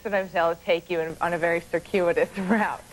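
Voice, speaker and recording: A woman's voice: fairly low pitch, steady tone, brisk, rough recording. A woman in her twenties, a guest on a late-night talk show, talking hesitantly with restarts and laughs. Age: 20s. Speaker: actress guest. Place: TV studio.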